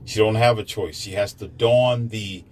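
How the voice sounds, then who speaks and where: A man's voice: on the low side, steady tone, moderate pace, a little mellow. A man delivering a preachy opinion monologue to his listeners. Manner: lecturing, preachy, addresses listeners. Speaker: commentator.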